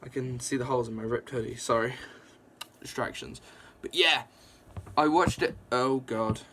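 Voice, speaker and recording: A young man casually reviewing a comic book, rambling and excitable, with lots of fillers and restarts. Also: mid-range voice, moderate pace, noisy background. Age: young adult.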